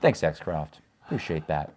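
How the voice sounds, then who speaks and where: A man co-hosting a casual chat, playful and quick to laugh. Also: a bass voice, lively intonation, a little mellow. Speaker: co-host.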